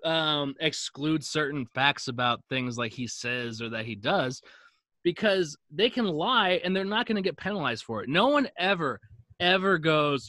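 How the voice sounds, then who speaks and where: A man's voice: a little high, moderate pace, no echo. A man co-hosting a podcast in casual, emphatic chat, swearing freely as he rants. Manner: animated, profane, emphatic. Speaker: podcast co-host.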